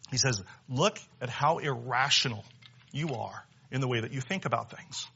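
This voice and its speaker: A young male pastor delivers a sermon with animated, conversational energy. His voice is bright and forceful, swinging between loud emphasis and quiet asides. The recording sounds slightly muffled and lo-fi. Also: medium pitch, moderate pace, vocal fry, breathy edge. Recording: dull lo-fi sound.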